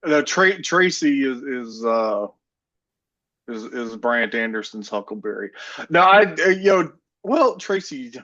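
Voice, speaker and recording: A man's voice: mid-range voice, expressive, a little slow, pushed and bright, highs cut off. A man co-hosting a wrestling podcast, laid-back and laughing easily as he explains. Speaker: podcast co-host. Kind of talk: casual chat.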